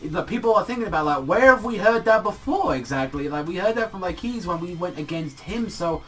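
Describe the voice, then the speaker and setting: A man's voice: sits high, lively intonation, fairly quick, a bit bright, distant mic, faint music behind. Rambling British guy reviewing manga. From Britain. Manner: rambling, swearing, heavy use of fillers. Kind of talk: casual vlog review.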